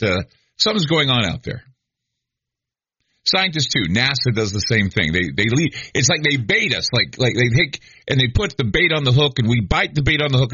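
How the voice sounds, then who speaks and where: A man in middle age hosting late-night radio with a husky, bright edge to his voice and a lively, swooping delivery. He rambles and restarts as he talks, and the sound is close and dry, a little dull in the top end. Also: mid-range voice, no echo. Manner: rambling, conversational, many restarts and fillers. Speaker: radio talk show host.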